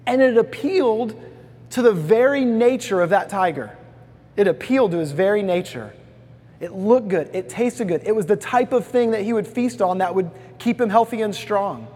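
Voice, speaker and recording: Preacher, man, high husky voice, folksy sermon, long reverb. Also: lively intonation, normal speed, a little mellow. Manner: folksy storytelling, asks congregation to repeat words. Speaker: pastor.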